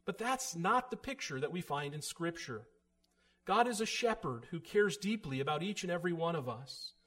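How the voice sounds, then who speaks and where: A man's voice: on the high side, lively intonation, normal speed, a bit bright. A man preaching a sermon in an earnest, emphatic way, voice rising for emphasis.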